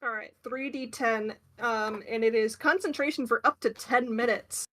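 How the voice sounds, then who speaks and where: A woman's voice: a little high, normal speed, fairly bright tone. A woman playing a tabletop game, describing her character's moves in a hesitant way full of fillers. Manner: hesitant, filler-heavy speech. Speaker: player.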